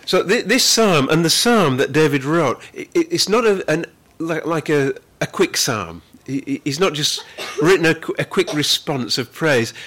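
A man preaching a sermon as pastor, earnest, with frequent repeated words, who slows down to stress the scripture he reads. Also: fairly high pitch, expressive, fairly bright tone.

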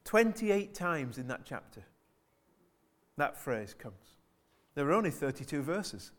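This preacher's voice is fairly high, very animated, and unhurried as he delivers his sermon with earnest conviction. He keeps circling back over his own words and checking in with listeners through rhetorical questions.

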